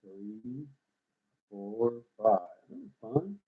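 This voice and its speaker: A man's voice: fairly low pitch, moderate pace. A middle-aged man hosting a live stream, rambling and thinking aloud as he works out rhymes, often mumbling asides. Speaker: host writing rhymes live. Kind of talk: casual live-stream chat. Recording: husky voice on a tinny phone-like line.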